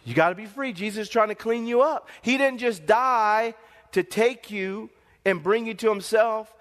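High-voiced emphatic preacher man. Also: steady tone, unhurried, fairly bright tone. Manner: emphatic, repetitive, call-and-response preaching. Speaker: pastor. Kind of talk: sermon. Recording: long hall reverb.

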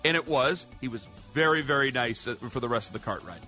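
Animated man telling a story on radio. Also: mid-range voice, quick pace, lo-fi sound, soft background music. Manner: animated storyteller, acts out quotes. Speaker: radio contributor.

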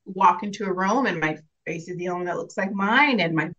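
Earnest, reflective actress on a muffled line. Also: female voice, fairly low pitch, fairly quick, a bit bright. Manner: reflective, earnest, laughs often, many restarts. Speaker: actress guest. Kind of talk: casual interview.

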